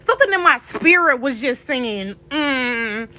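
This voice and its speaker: A woman's voice: high-pitched, fairly quick. A young woman, animatedly telling a casual storytime to her viewers. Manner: animated, addresses viewers as y'all.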